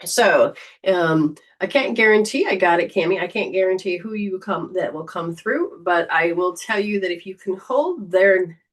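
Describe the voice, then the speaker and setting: Low-voiced woman doing psychic readings on a stream, chatty and rambly, mic kinda far away. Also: expressive, moderate pace. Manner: chatty, rambling, warm storytelling. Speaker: psychic reader and livestream host. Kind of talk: casual livestream chat.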